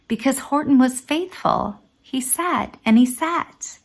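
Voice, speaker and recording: A woman, a teacher, reading a rhyming storybook aloud with lively, expressive delivery. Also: medium pitch, measured pace, vocal fry.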